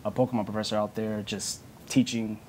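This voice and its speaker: Quick, filler-heavy male guest. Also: lowish voice, level tone, darkish tone, a little hiss or hum. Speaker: game store representative. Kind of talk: studio interview.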